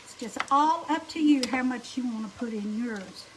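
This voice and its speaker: Pots and dishes knock loudly in her kitchen as a middle-aged Alabama woman, voice high and drawl warm, talks viewers through a home-cooked supper at a normal speed. She's chatty and folksy on her cooking stream, calling out greetings by name.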